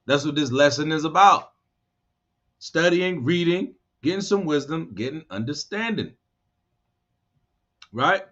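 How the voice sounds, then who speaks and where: A man leading a bible study, reading verses slowly and then explaining them in loose, animated street talk. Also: a little high. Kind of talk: scripture study teaching. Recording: dull lo-fi sound.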